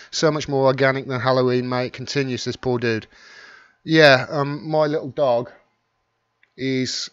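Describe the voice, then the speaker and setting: A man's voice: medium pitch, clear, resonant tone, no room sound, highs cut off. Middle-aged man with a Wolverhampton accent. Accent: Wolverhampton (Black Country). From West Midlands, England. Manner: rambling, chatty, reads out and thanks commenters by name. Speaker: YouTube live stream host. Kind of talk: casual live stream chat reading viewer comments.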